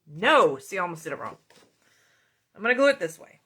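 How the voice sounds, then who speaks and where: A woman's voice: on the low side, sing-song, brisk, pushed and bright, slightly rough. A middle-aged woman hosting a card-making tutorial, chatting casually with viewers and greeting commenters by name as she works. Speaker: card-making video host.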